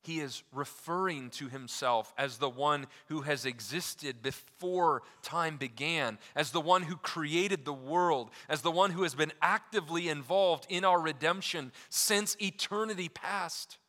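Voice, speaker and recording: A man preaching a sermon, swinging from loud emphasis to hushed, deliberate lines, with casual asides full of fillers. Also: a little high, in a large hall. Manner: emphatic preaching with wide swings in loudness, dropping to near-quiet for key lines. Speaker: pastor.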